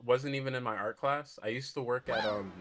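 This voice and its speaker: A man's voice: mid-range voice, a little fast, noisy background. A young man chatting casually and playfully in a group conversation. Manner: chatty, laughs often, playful. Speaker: co-host. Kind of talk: casual chat. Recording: loud music behind. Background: game music.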